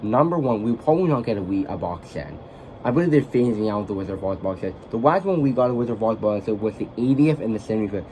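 A man in a casual vlog reviewing a classic film, rambling and halting as he corrects himself mid-sentence. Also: on the low side, animated, mellow, slight background noise, poor audio. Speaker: vlogger, film fan.

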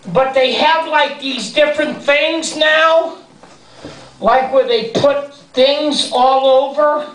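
A male stand-up comedian performing live on stage, ranting in exasperation and breaking into high-pitched shouting. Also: steady tone, takes it slowly. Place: theater stage before a large laughing audience. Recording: roomy live hall recording from a distance, loud audience.

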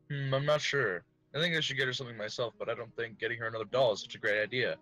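Bright-voiced man reading a game aloud. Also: mid-range voice, fairly even intonation, very fast, faint music behind, rough recording. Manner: giggly, reads narration in a casual tone. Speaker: let's-play host. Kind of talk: reading a visual novel aloud with joking asides.

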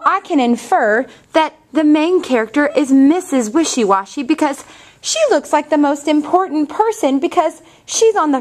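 A woman teacher reading a picture book aloud to young children and asking them questions in a clear, patient way. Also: high voice, a little mellow.

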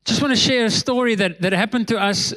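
A man, a pastor telling a story in a sermon, animated and laughing between lines. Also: a little fast. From South Africa. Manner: animated, laughs between lines, drops voice low for tense moments.

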